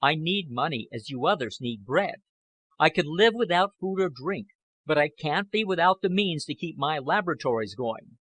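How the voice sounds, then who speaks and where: Man doing a blunt, unpleasant scientist, greedy, slow deliberate emphasis, husky. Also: on the high side, lively intonation, fairly bright tone, no room sound, voice pushed up. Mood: sneering.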